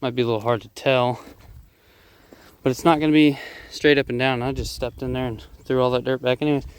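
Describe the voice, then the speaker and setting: A man casually explaining a DIY job as he works outdoors, rough-spoken, swearing freely and joking at his own expense. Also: medium pitch, little pitch movement, fairly quick. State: out of breath at times. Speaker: DIY vlogger. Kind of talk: casual how-to narration while working outdoors. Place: outdoors at a digging site.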